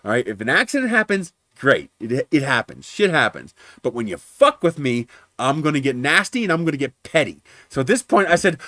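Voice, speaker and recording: A man telling a story on his own livestream, voicing each person on the calls himself. He curses openly and his pitch swings widely, climbing as he works himself up. The sound is dry and close, with no room echo. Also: fairly quick. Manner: animated, profane, acts out both sides of phone calls. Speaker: livestream host.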